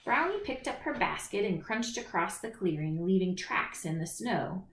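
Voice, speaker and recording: A woman reading a children's picture book aloud in an expressive storytelling manner, in a roomy recording. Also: medium pitch, normal speed, a little hiss or hum. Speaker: storybook reader. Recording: roomy echo.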